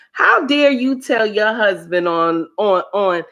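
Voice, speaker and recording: Slow, preachy woman on a livestream. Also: on the high side, a bit bright. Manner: preachy, repeats lines for emphasis. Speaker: livestream host. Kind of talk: casual commentary livestream.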